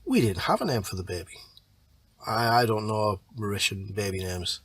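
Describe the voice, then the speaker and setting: A man teaching creative writing. He reads a draft story aloud and then rewrites it, thinking aloud and pausing over words as he edits. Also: on the low side, expressive, fairly bright tone, husky. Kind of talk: reading a draft aloud and editing it. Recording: keyboard typing audible behind voice.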